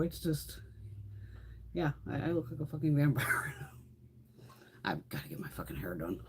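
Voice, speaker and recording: A woman's voice: low voice, a little mellow, slight background noise. A middle-aged woman hosting a beauty livestream, chatting casually with viewers, laughing often and swearing freely.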